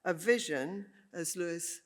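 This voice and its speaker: A woman's voice: fairly low pitch, measured pace. A woman landscape architect giving a thoughtful, reflective prepared talk to a panel audience. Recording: echoey lecture hall.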